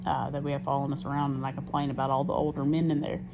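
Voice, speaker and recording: A woman's voice: extremely low pitch, racing. A woman talking candidly in a casual confessional diary vlog, rambling with fillers and restarts and swearing freely. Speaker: diary vlogger. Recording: muffled lo-fi sound with steady background noise.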